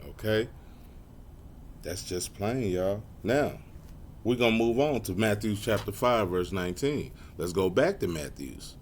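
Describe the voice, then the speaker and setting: A man's voice: on the low side, animated, a little hiss or hum. Laughing casual preacher man. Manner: casual and conversational, laughing often, slows to read verses. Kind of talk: sermon with scripture reading.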